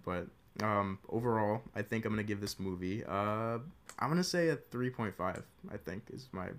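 A man's voice: fairly low pitch, normal speed. Young man hesitantly reviewing a movie. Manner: hesitant, many ums and restarts. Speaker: podcast co-host. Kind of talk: casual movie review chat.

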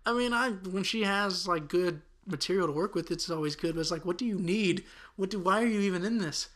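Bright-voiced young man ranting profanely. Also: high voice, brisk. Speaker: podcast co-host. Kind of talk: casual podcast chat. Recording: audio-only podcast.

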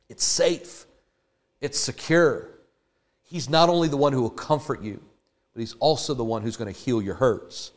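A man preaching a sermon, building emphatic repeated lines that rise in fervor. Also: medium pitch. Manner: emphatic, rising to fervent repetition.

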